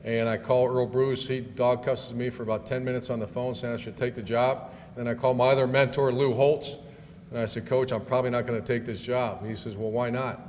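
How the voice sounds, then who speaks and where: A middle-aged man tells stories as a guest speaker, folksy and loose, full of fillers and restarts. His voice sits at a medium pitch and rings out with a long reverb in a banquet hall. Faint room noise runs underneath. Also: level tone, fairly quick, a little mellow. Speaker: guest speaker, football coach. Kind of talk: storytelling speech at a club event.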